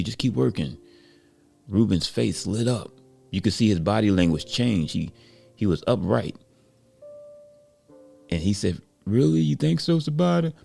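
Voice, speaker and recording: A man narrating a story casually, relaxed and reflective, with frequent conversational fillers. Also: low-pitched, gravelly. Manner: relaxed, reflective, many "you know" fillers.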